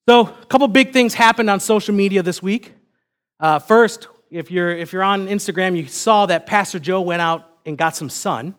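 A young man preaching a sermon, telling a personal family story in a relaxed, self-deprecating way. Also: sits high, normal speed, clear, resonant tone. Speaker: pastor.

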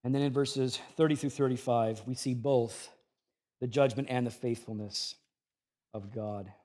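A man preaching an expository sermon, moving between quiet, low reflection and raised, urgent emphasis, and paraphrasing scripture in a conversational way. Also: steady tone, a little slow. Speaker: pastor.

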